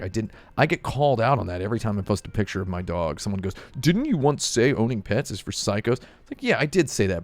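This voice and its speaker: A man streaming, telling a sardonic story as a casual comedic rant, deadpan, with bursts of mock outrage. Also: on the low side.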